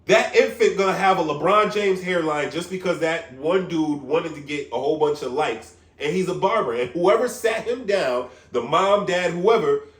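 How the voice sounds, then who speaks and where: A young man with a New York accent, a barber vlogging an animated, profane rant into his phone, repeating "you get what I'm saying". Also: fairly high pitch, moderate pace, few pauses, reverberant, distant mic. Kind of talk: casual vlog rant. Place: his room at home.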